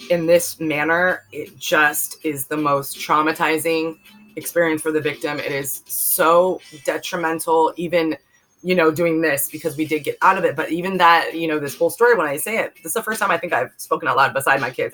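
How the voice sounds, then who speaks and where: In a low-quality recording, a forties-aged woman from the Bay Area speaks in a low, slightly bright voice. She's vlogging a personal testimony, telling it candidly and emphatically, wandering along with many fillers.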